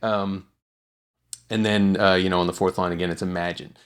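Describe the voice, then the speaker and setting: A man with a somewhat low voice teaches songwriting in a casual video tutorial. He explains at an easy, relaxed pace. He often pauses on fillers and restarts his sentences as he goes.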